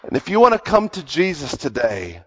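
A man's voice: a little high, huge pitch swings, normal speed, fairly bright tone, husky. A man preaching a sermon, retelling Bible stories in an earnest, emphatic way and repeating words to stress his points. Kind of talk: sermon storytelling. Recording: long hall reverb, dull lo-fi sound.

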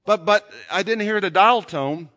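High-voiced preacher with bright, ringing tone. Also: male voice, unhurried, long reverb tail, lo-fi sound. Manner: storytelling, builds from hushed to shouting. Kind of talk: sermon.

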